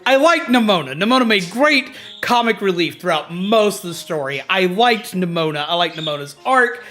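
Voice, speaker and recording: A male streamer rants animatedly and profanely through casual gaming commentary. His voice sits high and swings widely in pitch, with a bright, sharp edge, and faint music plays behind him. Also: lively intonation, moderate pace. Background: faint background music.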